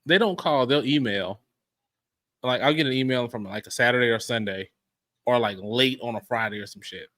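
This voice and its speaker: A man co-hosting a casual podcast who tells his stories in an easy, unhurried way. His voice has a bright, tense edge, and it is recorded close and dry. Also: mid-range voice, dry recording. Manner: laid-back storytelling, frequent agreeing murmurs. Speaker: podcast co-host. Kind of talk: casual chat.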